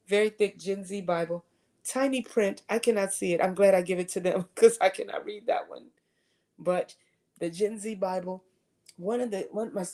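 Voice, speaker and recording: A woman's voice: medium pitch, dark tone. A woman giving a conversational faith talk at a retreat, sharing earnest personal testimony. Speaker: retreat speaker.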